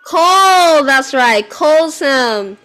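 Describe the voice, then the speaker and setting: A woman's voice: high voice, animated, drawn-out words, fairly bright tone. A woman teaching English to a child. She asks patient, repetitive yes-no questions and mixes in phrases. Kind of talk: one-on-one English lesson with a child.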